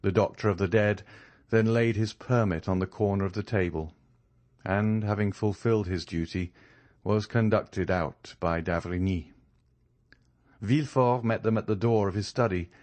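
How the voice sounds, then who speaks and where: A man narrating a classic novel audiobook in a measured, even reading. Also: on the low side. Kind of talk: scripted narration.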